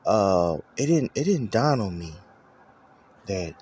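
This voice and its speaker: A man's voice: lowish voice, big pitch swings, slow pace, a little mellow, slight background noise. A man giving a casual personal testimony, rambling and profane, with lots of filler phrases. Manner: rambling, profane, full of "you know what I'm saying".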